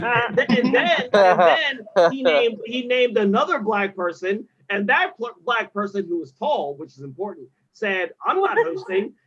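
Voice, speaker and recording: A tipsy man with a high voice jokes loudly and swears freely among fellow comics. His sound comes through a dull, lo-fi video call line. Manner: loud, profane, laughing banter. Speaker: comedian. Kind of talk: casual banter on a video call.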